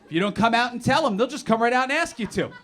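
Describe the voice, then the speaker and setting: A man from New Jersey doing a stand-up comedy set, sarcastic and animated, with mock-outraged asides. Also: very high-pitched, quick pace. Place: comedy club stage, live audience. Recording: live club recording with audience noise.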